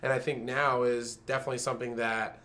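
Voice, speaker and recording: A man's voice: mid-range voice, flat delivery, fast talker, pushed and bright. Earnest opinionated podcast man. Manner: earnest, opinionated, restarts sentences. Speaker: podcast co-host. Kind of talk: casual chat.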